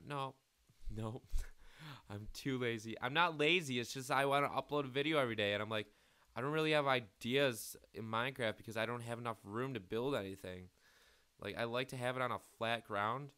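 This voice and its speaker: Teen male let's-player, crude self-mocking rambler, smooth voice, dry close sound. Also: mid-range voice, moderate pace, bright, forceful tone, no echo. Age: late teens. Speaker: gaming YouTuber. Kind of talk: casual gameplay commentary.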